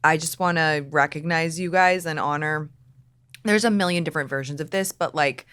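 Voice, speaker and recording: A woman in her thirties hosting a podcast, affirming her guest and reflecting out loud to her listeners. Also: deep voice, moderate pace, clean tone. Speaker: podcast host. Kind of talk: casual chat.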